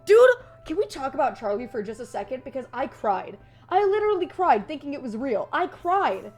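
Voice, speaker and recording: A young woman chats on her stream in a high, animated voice. She rambles, swears freely and laughs a lot, putting on other people's voices. Faint music plays behind her. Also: moderate pace. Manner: animated voice swings, mimics others. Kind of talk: casual stream chat.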